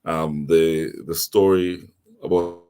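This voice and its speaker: A man's voice: extremely low pitch, steady tone, slow, mellow, clean tone, no room sound. A middle-aged man with a Jamaican accent hosting a radio talk show, preaching emphatic, moralizing commentary and repeating words for stress. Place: radio studio.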